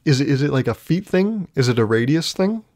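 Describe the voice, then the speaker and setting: This young man's voice is fairly high, with big swings in pitch, a darkish tone, and a fairly quick pace. Hosting his own podcast solo, he tells rambling comic stories at his own expense, punctuated by frequent laughs.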